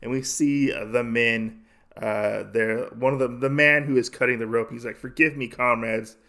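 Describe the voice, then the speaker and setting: A man's voice: mid-range voice, fairly even intonation, normal speed, vocal fry, sharp tone. A young adult man hosting a podcast, casually recapping a comic with lots of fillers. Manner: rambling, many fillers. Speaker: podcast host.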